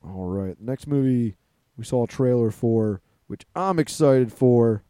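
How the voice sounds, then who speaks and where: A man's voice: medium pitch, lively intonation, a little slow, warm tone, clear, resonant tone, no echo, studio quality. A man hosting a casual movie-trailer chat, joking and laughing often as he leads each segment. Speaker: podcast host.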